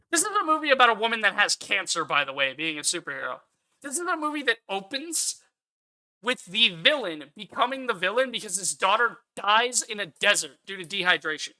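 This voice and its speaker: A man's voice: high voice, very animated, fairly quick, bright, forceful tone. A man hosting his own channel, giving a profane, exasperated rant of movie commentary. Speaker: channel host.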